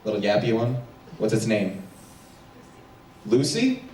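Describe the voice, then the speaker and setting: Male stand-up comic from New Jersey, animated crowd work, roomy distant theater recording with audience noise. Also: fairly low pitch. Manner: quick crowd work, animated voices for pets. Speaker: stand-up comedian. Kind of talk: stand-up comedy set. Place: theater stage before a packed house. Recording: echoey stage sound from far off, audience noise.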